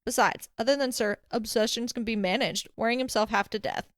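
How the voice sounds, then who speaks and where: Brief: woman doing a quick, earnest young woman, a bit flustered, dry close mic. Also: on the high side, no room sound, lightly acted. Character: young woman, anxious but sharp older sister.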